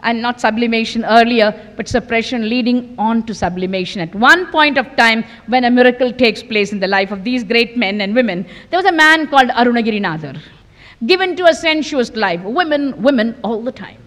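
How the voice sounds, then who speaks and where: An older woman, her voice riding a little high, delivers a devotional discourse. She repeats her key phrases with emphasis and drops to near-whispers for effect, while a long hall reverb trails each line. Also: lively intonation, brisk. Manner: emphatic, with repetitions and dramatic drops to a hush. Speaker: spiritual teacher giving a discourse.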